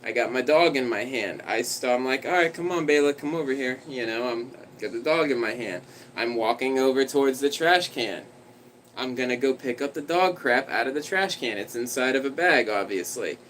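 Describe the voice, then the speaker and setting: A man's voice: mid-range voice, moderate pace, fairly bright tone, slight background noise, low-quality recording. A man livestreaming, telling a story in a rambling, conversational way and talking to his dog.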